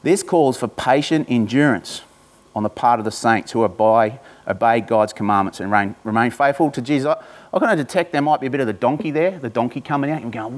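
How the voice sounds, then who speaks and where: A pastor preaching, reading scripture slowly and deliberately, then breaking into informal asides to the congregation. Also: male voice, medium pitch, expressive.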